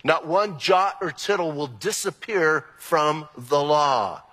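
A male pastor preaching with emphatic, exclamatory energy. His tone is bright and slightly husky, and his higher-pitched voice carries through a church sanctuary with a long reverb tail. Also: slow. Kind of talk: sermon.

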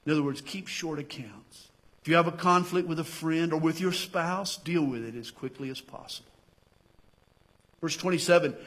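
A male pastor with a Southern US accent, preaching a sermon with passion that swells to near-shouts. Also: on the high side.

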